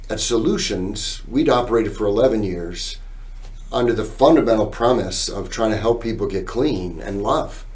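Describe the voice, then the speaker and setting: A man's voice: fairly low pitch, darkish tone, distant mic. A man with a New York accent, a guest on a talk show, telling his story earnestly and acting out what people said. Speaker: podcast guest, business owner. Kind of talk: casual interview talk.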